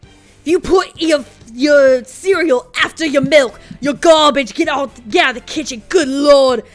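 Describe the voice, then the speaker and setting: An angry, foul-mouthed male chef barks insults in a mock British accent, as a woman puts him on. The voice sits high and bright. Faint game music plays underneath. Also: unhurried. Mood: berating. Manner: berating, swearing.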